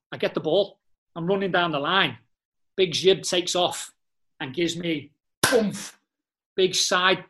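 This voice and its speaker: Swearing Liverpudlian man telling stories. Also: on the high side. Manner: blunt, swearing, animated storyteller with slang. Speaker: podcast guest, former footballer. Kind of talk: casual storytelling chat.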